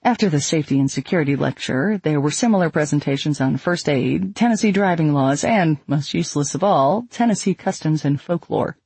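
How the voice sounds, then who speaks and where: A man narrating an audiobook in a measured, even storytelling manner. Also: a little high, gravelly, breathy edge, no room sound.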